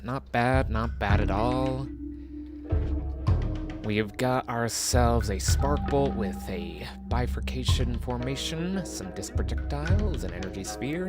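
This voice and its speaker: A man streaming a game, musing in a casual, rambling way with self-mocking asides. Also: mid-range voice. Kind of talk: casual rambling gameplay commentary.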